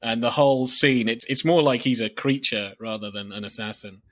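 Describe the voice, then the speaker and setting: A man's voice: mid-range voice, brisk. A man co-hosting a film podcast, rambling casually with lots of fillers and frequent laughs. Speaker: podcast co-host.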